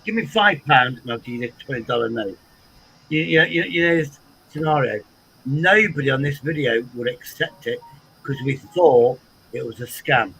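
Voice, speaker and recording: A man with an English accent hosting a casual livestream chat, animated and swearing freely with frequent repeats. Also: medium pitch, normal speed, vocal fry, slight background noise, poor audio. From England. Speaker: livestream host.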